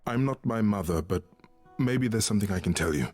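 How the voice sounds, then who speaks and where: An actor playing a gentle, grieving male god of love in a video game, speaking softly and calmly with a husky voice. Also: lowish voice, brisk. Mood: calm, consoling. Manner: calm, consoling. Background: faint game music.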